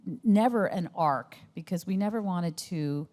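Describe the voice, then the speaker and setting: Low-voiced, mellow documentary director woman. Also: animated, normal speed. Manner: thoughtful, hesitant with many fillers. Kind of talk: interview conversation.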